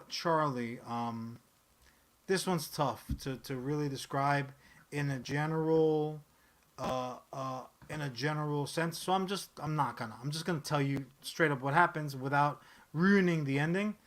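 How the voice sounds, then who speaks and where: Male podcast co-host, somewhat high, forceful voice, swears freely, loose rambling delivery. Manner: animated, profane, rambling with frequent restarts. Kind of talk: casual pop-culture podcast chat.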